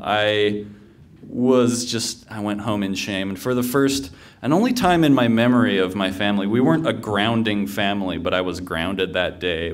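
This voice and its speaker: Man telling a funny story on stage. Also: lowish voice. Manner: conversational, humorous, with fillers and restarts. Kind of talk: personal story told live on stage.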